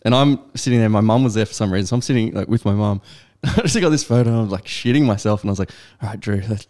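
A man's voice: on the low side, rapid-fire, darkish tone. A young man on a podcast, casually telling a childhood anecdote and laughing along. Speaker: podcast co-host. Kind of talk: casual chat.

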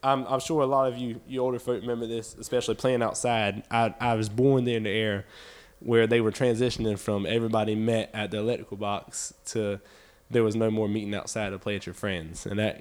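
A man's voice: mid-range voice, steady tone, a little fast. A man preaching a sermon to his church, building in intensity with repeated phrases and folksy talk. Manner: impassioned, repetitive preaching cadence; folksy, with y'all.

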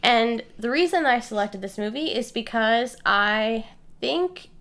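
A woman in her forties co-hosting a casual podcast, with a bright, edgy tone and a gravelly rasp. She rambles, stops to correct herself and fills pauses with ums and likes. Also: fairly high pitch, animated. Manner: rambling, self-correcting, with frequent fillers. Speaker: podcast co-host. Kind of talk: casual chat.

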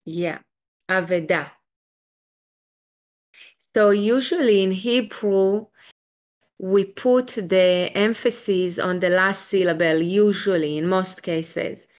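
A woman's voice: mid-range voice, takes it slowly, pauses often. A woman from Israel, teaching a live online Hebrew class over a video call, patient and encouraging as she sounds out each letter step by step.

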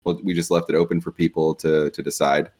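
A man's voice: very deep voice, flat delivery, brisk, a little mellow. A man hosting a casual podcast chat, rambling loosely with lots of fillers. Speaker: podcast host.

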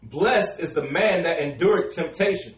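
A man reading scripture aloud in a slow, measured way. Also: on the high side, expressive. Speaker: scripture reader. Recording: distant and echoey.

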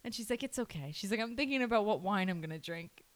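A woman's voice: mid-range voice, animated, fast talker. A woman in her twenties, co-hosting a casual podcast chat, talking in a chatty way with swearing and laughs. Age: 20s. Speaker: podcast co-host.

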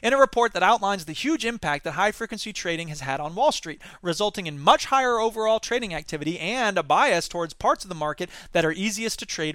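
A man's voice: high-pitched, fairly bright tone, no echo. A man hosting a casual talk show, reading news items aloud and commenting on them with self-deprecating asides. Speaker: podcast host.

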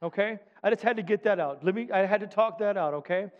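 A middle-aged pastor preaching with emphatic energy, often asking the room for an amen. His voice sits very high, and it carries a long reverb from the hall. The recording sounds somewhat dull. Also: quick pace. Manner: emphatic preaching with frequent call-outs for amen. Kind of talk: sermon. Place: church sanctuary.

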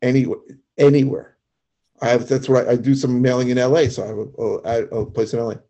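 A man's voice: mid-range voice, little pitch movement, brisk, warm tone, muffled recording. A man co-hosting a podcast, talking bluntly and dismissively in casual chat. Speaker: podcast co-host.

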